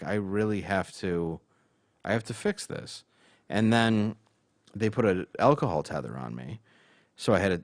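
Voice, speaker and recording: A man's voice: low voice, no room sound, studio quality. A man, a stand-up comedian, telling a candid, self-mocking story in casual talk.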